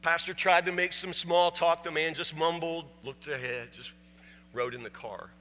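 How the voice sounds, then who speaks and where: Bright-voiced man preaching in a reverberant hall. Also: a little high, steady tone, moderate pace. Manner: repeats words when stressing a point, rising to near-shouting climaxes. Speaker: pastor. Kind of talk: sermon with storytelling. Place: church sanctuary. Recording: long hall reverb, faint hum.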